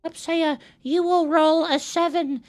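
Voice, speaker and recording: A man's voice: very high-pitched, fairly even intonation, measured pace, pitched above the performer's own voice. A man voicing mystical talking dice that proclaim prophecies in a lofty tone. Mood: prophetic.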